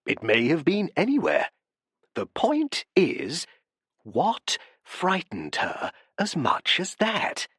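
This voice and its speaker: Man reading old detective, rumbling, deliberate, probing, dry close sound, audiobook. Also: wildly swooping pitch, a bit bright, slightly rough, no room sound, full character voice. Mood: pondering. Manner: musing, deliberate questioning. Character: stout, rumbling elderly male detective, genial and probing. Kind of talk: audiobook character voice.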